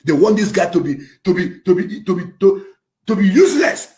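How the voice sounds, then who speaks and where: A man with a Nigerian accent delivers a fiery, impassioned rant to the camera, swinging between shouting and low, intense passages. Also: very animated, brisk. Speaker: activist speaking to camera.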